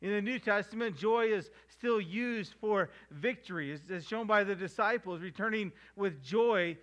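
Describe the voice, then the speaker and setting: A middle-aged male pastor, voice sitting high with a fairly bright tone, preaches by acting out home-life scenes in voices and slowing down on the verses he quotes for stress.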